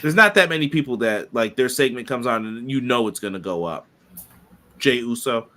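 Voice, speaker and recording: A man's voice: medium pitch, lively intonation, normal speed, pushed and bright. A man co-hosting a casual podcast, chatting loosely and reading viewer comments aloud. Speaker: podcast co-host.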